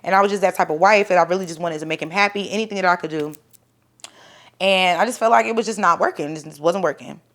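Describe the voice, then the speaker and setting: A woman's voice: lowish voice, fast talker. A young adult woman telling her own story in a candid, profane, casual way, acting out what people said. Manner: candid, profane, animated retelling with acted-out quotes. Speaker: storyteller guest.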